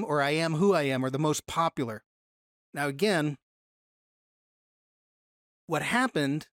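A Bible study teacher lecturing a class, pitched in the middle of the range. The delivery is explanatory, full of restarts and self-corrections, with key words pushed up in pitch for emphasis. The sound is dry and close. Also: no echo.

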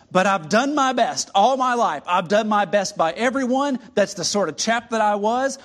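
Man doing a high, loud, indignant ghost who demands his rights. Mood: self-righteous. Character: self-righteous indignant male ghost from hell.

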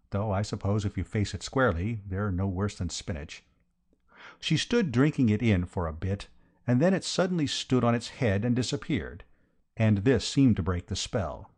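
A man's voice: lowish voice, a little mellow. A man narrating a comic novel in the first person, with a dry, wry, conversational delivery. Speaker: audiobook narrator.

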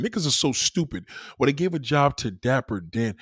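A man's voice: medium pitch, very animated, moderate pace, fairly bright tone, husky, no echo, clean studio sound. A man delivering a profane, emphatic ranting monologue full of rhetorical questions, talking to a livestream audience.

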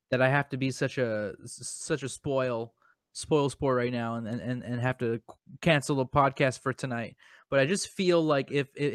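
A man's voice: mid-range voice, a bit bright, no echo, studio quality. Stammering, mock-dramatic podcast host man. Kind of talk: comedic podcast banter.

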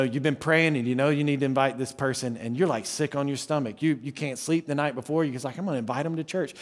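Conversational pastor preaching a fiery evening sermon. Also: male voice, long reverb tail. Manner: conversational preaching with rhetorical questions; swings between loud emphatic lines and quiet low asides. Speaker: lead pastor. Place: church service before a congregation.

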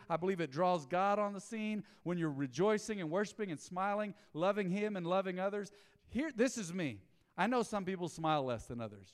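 Animated pastor preaching in a reverberant hall. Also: male voice, on the high side. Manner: animated, conversational preaching with call-and-response. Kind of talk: sermon.

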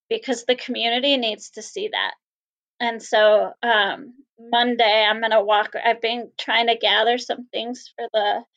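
Earnest woman with a high voice. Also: gravelly, fairly bright tone, muffled recording. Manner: sincere, pausing with ums. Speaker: Salvation Army officer. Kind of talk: earnest interview answers.

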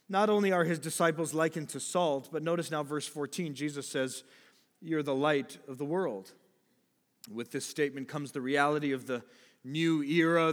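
A man preaching a sermon, moving between loud, emphatic exhortation and quiet, low explanation. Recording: long hall reverb.

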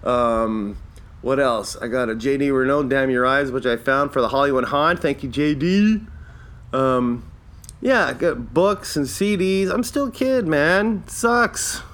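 A fifty-something Canadian man talking solo on his podcast, his pitch sitting right in the middle. He rambles and wanders off track, pokes fun at himself and chuckles at his own jokes. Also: animated, unhurried, fairly bright tone. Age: 50s. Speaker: podcast host. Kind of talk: casual solo podcast monologue.

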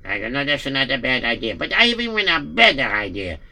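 A man's voice: medium pitch, big pitch swings, fairly quick, creaky, pushed and bright, heavily acted. A man voicing a nervous village innkeeper with a Yiddish accent, stammering and fretting in an amateur radio play. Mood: fretful. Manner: anxious, frets aloud with many stammered fillers. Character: worried male village innkeeper, nervous and fretful.

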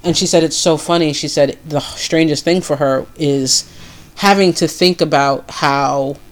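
A woman's voice: sits low, unhurried. A woman co-hosting a podcast, telling stories in casual chat with frequent restarts and asides. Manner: chatty, storytelling with many restarts. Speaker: podcast co-host.

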